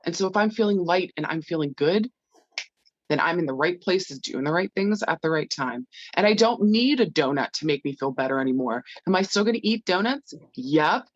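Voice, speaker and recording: Woman guest, deep voice, salty and unfiltered, lively ups and downs, dry lo-fi sound. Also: brisk, dry recording. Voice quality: deep, low voice. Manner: blunt, profane and animated. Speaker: medium and guest. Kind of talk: casual chat.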